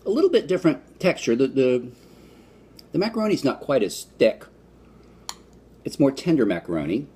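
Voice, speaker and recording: A man's voice: mid-range voice, huge pitch swings, normal speed, long pauses, warm tone, slightly rough. A man from the United States giving a casual, rambling food review vlog, with fillers and restarts. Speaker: vlogger.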